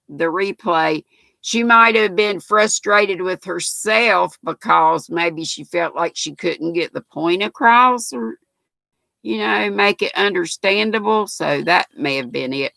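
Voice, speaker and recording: A woman's voice: mid-range voice, creaky, bright, forceful tone, dry recording. An older woman with a North Carolina accent, hosting a livestream in a chatty, folksy way and reading viewer comments aloud. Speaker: livestream host reading chat. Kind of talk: casual chat.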